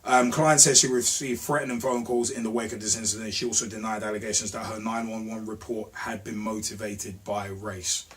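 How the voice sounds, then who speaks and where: A man hosting a blunt opinion rant, swearing and repeating himself, his voice jumping high when he gets heated. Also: moderate pace. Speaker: host of a rant show.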